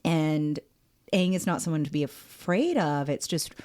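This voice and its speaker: A woman psychologist joins a podcast as a guest and talks through empathy and trust in a measured, considered way. Her voice sits low for a woman. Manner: measured, warm analysis of empathy and compassion. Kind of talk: casual podcast chat.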